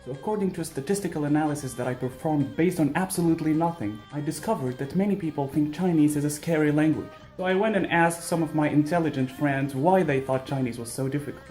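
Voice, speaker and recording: A man narrating a scripted language tutorial with wry, deadpan jokes. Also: on the high side, fast talker, few pauses, faint music behind.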